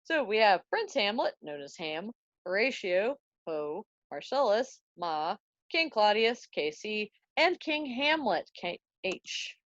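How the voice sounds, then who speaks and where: A woman's voice: medium pitch, very animated, takes it slowly, fairly bright tone, dry recording. A woman student retelling a play in a chatty, slangy way, on a dry, dull recording. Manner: slangy, chatty, laughs at own jokes. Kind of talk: casual story retelling.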